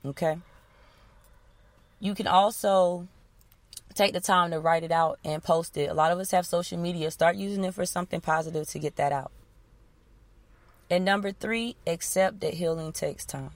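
Woman calmly guiding a breathing exercise. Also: fairly low pitch, dry recording. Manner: calm, instructive, repeats cues slowly. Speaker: wellness coach.

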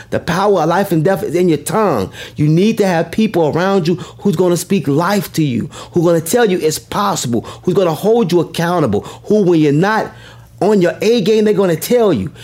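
A man's voice: high voice, lively intonation, a little fast, darkish tone. A man giving a motivational speech, emphatic and preacher-like, repeating his key lines and asking the audience questions. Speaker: motivational speaker.

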